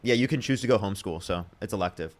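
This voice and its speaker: Debate host, male, rapid-fire, pushy, a bit low in pitch. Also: slight background noise. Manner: quick, insistent, argumentative. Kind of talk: heated online debate.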